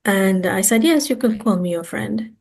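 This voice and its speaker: A woman with a mid-pitched voice tells her personal story as an interview guest. She speaks earnestly and emphatically and repeats words to stress them. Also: animated, moderate pace, creaky, a little mellow. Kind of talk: personal testimony.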